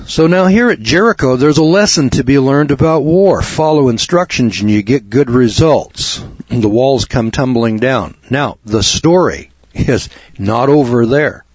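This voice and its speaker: A man preaching an informal sermon as a lay preacher, blunt and folksy with rough language. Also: mid-range voice, animated, a little slow, dry recording, highs cut off.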